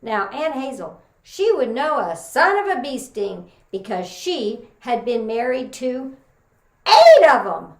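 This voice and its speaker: A woman's voice: on the high side, expressive, a little slow, roomy sound. A woman from Texas giving a humorous contest speech, telling stories full of folksy sayings. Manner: folksy storytelling with Southern sayings. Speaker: contest speaker.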